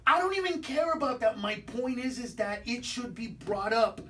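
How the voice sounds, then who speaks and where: A man's voice: very high-pitched, animated, moderate pace, far from the mic, slight background noise. Brash ranting comedian man. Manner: brash, ranting punchlines, bursts of shouting. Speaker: comedian guest. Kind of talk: stand-up style radio chat. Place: radio studio.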